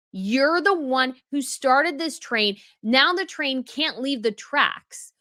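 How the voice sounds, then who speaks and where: A woman's voice: a little high, a bit bright, no echo, clean studio sound. A woman delivering an opinionated commentary monologue as a news commentator, scornful and emphatic, with mocking asides.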